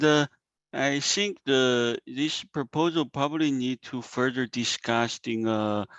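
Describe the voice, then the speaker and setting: A man's voice: on the low side, a bit bright, no room sound. A man chairing an online technical meeting, hesitant, with many fillers. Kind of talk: meeting discussion. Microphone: video call. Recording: dull, dry call audio.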